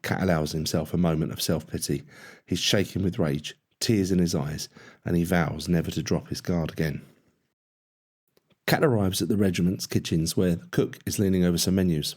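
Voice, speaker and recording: A man narrating an audiobook in a steady, measured storytelling voice. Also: sits low. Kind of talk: scripted narration.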